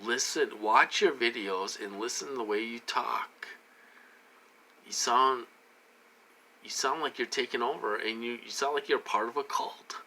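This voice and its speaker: A man rambling in a repetitive monologue to camera, full of restarts, slightly tipsy from a drink, swinging from loud outbursts to low muttering. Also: measured pace, slight background noise. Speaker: vlogger.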